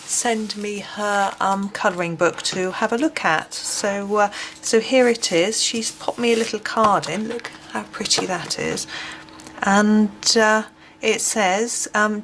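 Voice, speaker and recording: A woman chats softly through a casual colouring book flip-through, hesitating often with ums and sometimes sinking to a near whisper. Her pitch sits in an ordinary middle range. A clear, steady background noise runs under the whole recording. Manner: gentle, hesitant, frequent ums, drops to near whisper while unwrapping.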